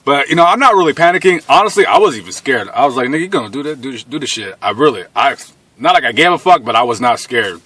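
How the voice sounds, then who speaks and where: Man in his thirties for a casual, swearing storytelling monologue; lively delivery, dry close sound. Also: mid-range voice, fast talker, no echo. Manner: animated, blunt, laughs while telling. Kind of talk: casual profane storytelling to camera.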